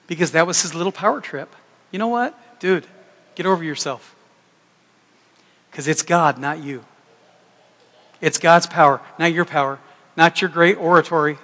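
A man's voice: high-pitched, fairly even intonation, normal speed, long pauses, bright, forceful tone, long reverb tail. A middle-aged man preaching a sermon as pastor, conversational and joking, with rambling restarts.

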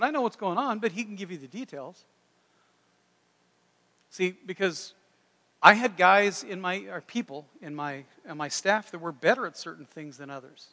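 A man preaching a sermon in a folksy, animated way, breaking into loud shouted impressions. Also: on the high side, long reverb tail. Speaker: pastor.

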